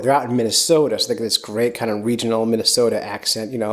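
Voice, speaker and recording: A man's voice: lowish voice, fairly even intonation, very fast, hardly any pauses, fairly bright tone. Chatty man hosting a fishing podcast. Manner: rambling, chatty, many fillers and restarts. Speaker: podcast host. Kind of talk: casual chat.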